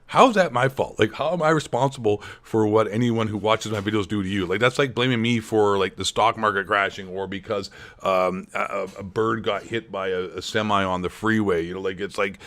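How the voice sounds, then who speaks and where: A man's voice: on the low side, a little fast, fairly bright tone. A young man hosting a sarcastic commentary vlog, rambling with joking asides. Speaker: gaming commentary channel host.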